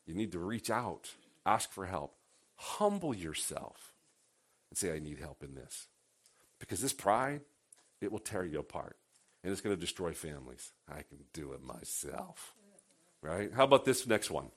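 A man preaching a sermon in a conversational way, asking the congregation questions and swinging from hushed lines to loud, sarcastic ones. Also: deep voice, sing-song, normal speed. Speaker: pastor.

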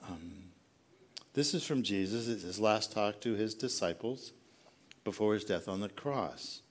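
A middle-aged man gives a sermon in a relaxed, conversational way, with a fairly low voice. He jokes at his own expense and keeps asking the congregation questions. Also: measured pace. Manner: conversational and self-deprecating, often asks the congregation questions. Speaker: pastor.

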